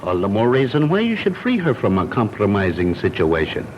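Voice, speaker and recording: A man's voice: on the low side, wildly swooping pitch, brisk, highs cut off, slight background noise. An actor playing a stern middle-aged police chief and father in 1930s film acting, formal and firm.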